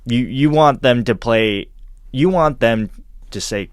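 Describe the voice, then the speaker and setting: A man hosting a casual podcast chat, telling stories in an animated, rambling way full of restarts. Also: medium pitch, takes it slowly, smooth, dry recording, clean studio sound. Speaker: podcast host.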